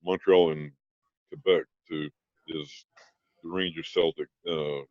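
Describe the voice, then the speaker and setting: A man joining a casual sports chat, telling a hockey story in an unhurried way. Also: a bass voice, steady tone, no room sound, phone-quality sound.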